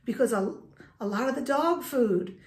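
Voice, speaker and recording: A woman's voice: fairly high pitch, lively intonation, moderate pace, darkish tone. A woman hosting a dog food vlog who vents in an emotional, upset way while holding her dog. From Italian heritage. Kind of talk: casual vlog talk to camera. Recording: echoey room.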